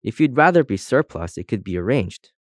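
A man's voice: on the low side, big pitch swings, fairly quick, no echo, studio quality. A man voicing a menacing, curt male pair of scissors who speaks in clipped, threatening lines.

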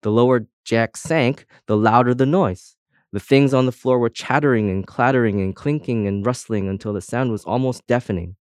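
A man's voice: medium pitch, normal speed, clear, resonant tone, no room sound. Man narrating a storybook, dry close sound. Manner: expressive storytelling, voices each object. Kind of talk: audiobook narration.

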